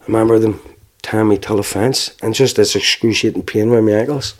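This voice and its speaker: A man with a Belfast accent giving a halting, plainspoken personal account, with restarts and wry laughs. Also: lowish voice, steady tone, darkish tone. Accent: Northern Irish, Belfast. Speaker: interviewee. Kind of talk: personal testimony.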